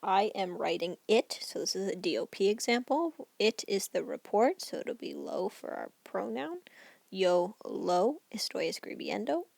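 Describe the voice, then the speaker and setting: Gravelly-voiced woman teaching grammar. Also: mid-range voice, darkish tone, no room sound. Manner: clear explanatory teaching with Spanish examples. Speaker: Spanish teacher. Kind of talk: recorded grammar lesson.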